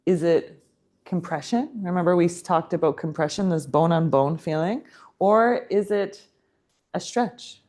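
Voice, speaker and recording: A woman's voice: lowish voice, measured pace, a little mellow. A woman teaching a yoga teacher training class, explaining in a chatty way and laughing often.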